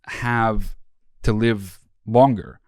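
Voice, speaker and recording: A man's voice: fairly low pitch, fairly even intonation, drawn-out words, a little mellow, no echo, studio quality. A man co-hosting a podcast in casual chat, blunt and argumentative, swearing freely. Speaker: podcast co-host.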